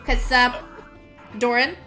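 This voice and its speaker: A woman's voice: fairly high pitch, fairly even intonation, slow pace, bright, forceful tone, faint music behind. A woman voicing a busy woman trader who runs a camp, hesitant and full of fillers. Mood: businesslike.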